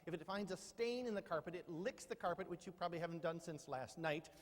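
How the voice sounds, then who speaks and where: A man's voice: a little high, quick pace, slight background noise. A middle-aged man giving a humorous keynote talk, joking and quizzing his audience with questions. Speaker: keynote speaker. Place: large lecture hall. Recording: long hall reverb.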